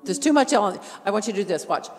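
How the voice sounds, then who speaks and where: A woman teaching a vocal masterclass, encouraging and animated, acting out lines and singing short examples. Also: mid-range voice, fast, big-room sound. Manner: lively, encouraging, acts out lines and sings examples.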